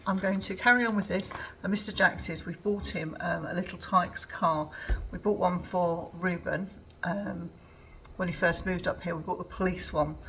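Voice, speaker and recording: A woman's voice: fairly low pitch, a bit bright, a little hiss or hum, rough recording. An older woman from England chatting casually in a home vlog, rambling with lots of ums. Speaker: vlogger. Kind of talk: casual chat.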